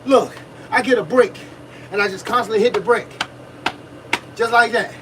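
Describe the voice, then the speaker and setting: High-pitched black coach talking at a livestream, a bit off mic with light noise behind. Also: male voice, fairly quick, pauses often, recorded from a distance. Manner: preachy, repetitive, talks to viewers, grunts while punching a bag. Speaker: boxing coach.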